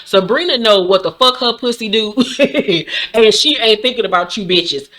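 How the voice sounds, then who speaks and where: A woman hosting a casual, profane recap of a reality show, talking in a sassy, blunt and animated way with sudden shrieking outbursts. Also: medium pitch, normal speed.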